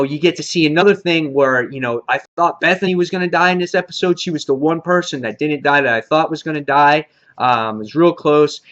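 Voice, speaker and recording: A man reviewing a TV episode in a casual, excitable recap, full of fillers and mild swearing. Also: on the high side, highs cut off. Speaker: TV show reviewer.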